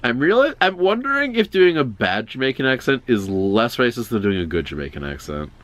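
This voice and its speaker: A man's voice: medium pitch, very animated, brisk, fairly bright tone, slight background noise. A man co-hosting a casual chat, dropping dry, joking remarks. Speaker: podcast co-host.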